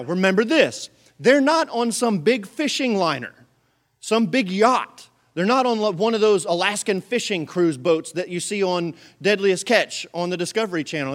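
A pastor delivers a lively sermon in a strikingly high voice. He acts out the story with plenty of energy, and some lines burst into shouts.

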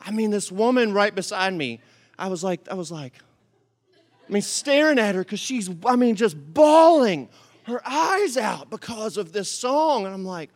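A man's voice: sits high, moderate pace. A man giving a sermon, telling a comic story with frequent "all right?" asides before turning to scripture. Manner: animated, comic delivery. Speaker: pastor.

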